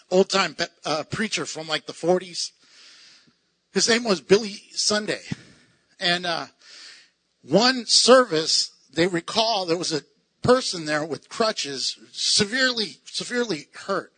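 A man teaching a Bible passage in a lively, excitable way, laughing often and acting out the voices he quotes. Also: high-pitched, no room sound. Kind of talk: animated Bible study teaching.

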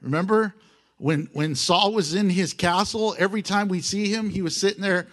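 A male pastor preaching a sermon in an animated, joking way, with playful sound effects. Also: high voice, normal speed.

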